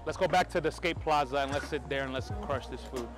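A man from New York with a New York American accent, talking excitedly to camera in a casual vlog on a city street, swearing now and then. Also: medium pitch, brisk, music in the background. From New York, USA. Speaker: film photography vlogger.

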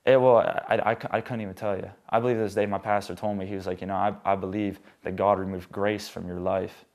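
A man's voice: fairly low pitch, little pitch movement, fast, darkish tone. A young man telling his conversion testimony as a guest, rambling, with many restarts.

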